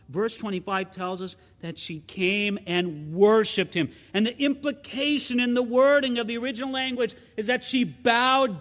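A man preaching a sermon as pastor, conversational and expressive, asking his listeners rhetorical questions. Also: high voice, long reverb tail.

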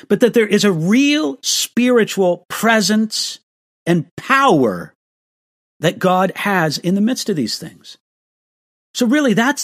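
A man's voice: high voice, a bit bright, no echo, studio quality. A man answering viewer questions in an online live stream, earnest and restarting his sentences with small stammers.

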